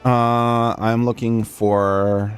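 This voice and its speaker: A man's voice: mid-range voice, flat delivery, extremely slow, faint music behind. A man streaming a game, thinking aloud in a chatty, self-deprecating way. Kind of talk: casual gameplay commentary.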